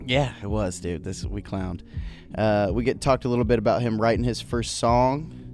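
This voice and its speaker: A man's voice: lowish voice, steady tone, normal speed, a little mellow, soft background music. A man co-hosting a podcast in casual chat, laid-back and slangy with lots of fillers. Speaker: podcast co-host.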